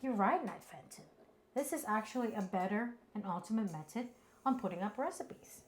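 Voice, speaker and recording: A woman's voice: medium pitch, expressive, normal speed, a little hiss or hum. A woman co-hosting a live cooking stream, chatting casually, giggling and reading viewer comments aloud.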